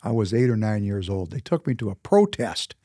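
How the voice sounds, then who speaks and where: A husky, dark-toned man in his fifties, from Minnesota, talks through his own memories in a loose, casual monologue. He leans hard on his points and repeats key words to drive them home. The recording is dry and close, with no room sound. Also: on the low side, very animated, fairly quick, no room sound. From Minnesota, United States. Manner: emphatic, repeats words for emphasis. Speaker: businessman.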